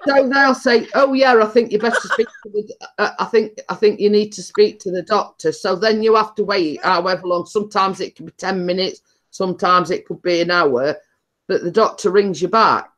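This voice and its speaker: A woman's voice: mid-range voice, normal speed, fairly bright tone. A woman hosting a casual chat, rambling and repeating her words as she tells a story. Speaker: host.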